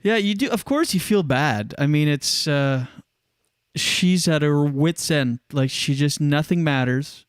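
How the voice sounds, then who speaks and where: Male talk-show host, a touch high-pitched, smooth clear voice, dry close mic, animated recaps that act out every quote. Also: measured pace, no room sound. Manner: animated, acts out quotes, laughs often. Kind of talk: casual commentary on viral clips.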